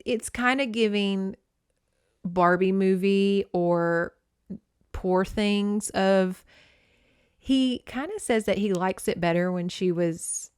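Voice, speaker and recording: Young woman podcast host, frank and opinionated, smooth clear voice, dry close sound. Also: mid-range voice, no room sound. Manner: candid, opinionated, swears freely. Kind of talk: casual book recap.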